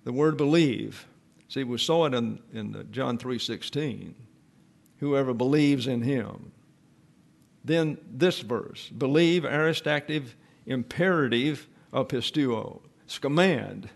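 A man preaching an expository sermon, teaching slowly and deliberately and repeating key phrases for emphasis. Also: mid-range voice, gravelly.

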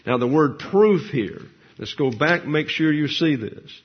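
A man giving expository Bible teaching, explaining Greek words slowly and with emphasis. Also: fairly high pitch, animated, breathy edge. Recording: dull lo-fi recording.

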